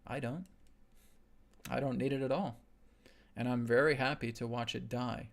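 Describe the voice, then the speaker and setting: A man's voice: mid-range voice, steady tone, normal speed, gravelly, pauses often. A male host giving a spiritual teaching on a live stream, earnest and repetitive, checking in with a frequent "right?".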